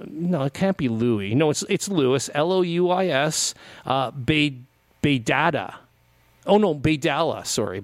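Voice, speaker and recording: With a fairly high voice and no echo, a middle-aged radio host tells a loose, rambling story on community radio. He performs both sides of the dialogue and keeps restarting and saying "like."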